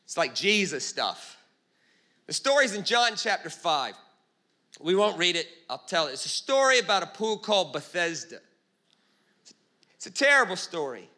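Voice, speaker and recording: A man preaching a comedic sermon, telling stories as an animated storyteller with quick jokes and asides. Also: sits high.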